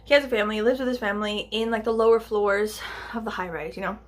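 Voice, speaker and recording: A woman's voice: mid-range voice, steady tone, fast. A young woman talking casually about a book she listened to, rambling and full of asides and fillers. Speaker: book vlogger. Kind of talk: casual chat.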